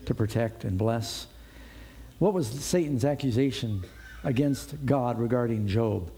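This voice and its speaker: A man's voice: mid-range voice, warm tone, breathy edge. A man preaching a sermon, reading Bible verses aloud and adding conversational asides to the congregation.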